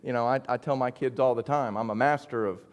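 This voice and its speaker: A man's voice: mid-range voice, quick pace, in a large hall. A man teaching an adult Bible study in a conversational, earnest way, often checking in with "right?". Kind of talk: church Bible study lesson.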